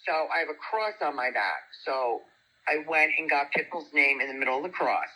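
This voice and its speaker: A woman, a guest telling a story in animated, chatty talk. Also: low voice, fairly quick, poor audio. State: single parent. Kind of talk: casual storytelling chat.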